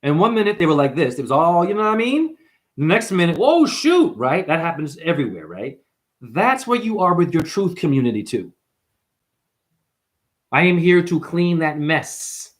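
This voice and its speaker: A man's voice: a little high, very animated, normal speed. A man hosting a numerology video, ranting to camera in a confrontational, preachy way and calling viewers honey. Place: apartment.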